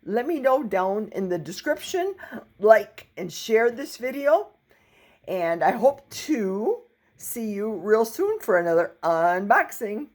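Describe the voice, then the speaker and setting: A woman's voice: medium pitch, sing-song, slow pace, a little mellow. A woman chatting casually through an unboxing vlog, folksy and playful, with cheerful exclamations and handheld camera. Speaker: vlogger. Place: home in a forest.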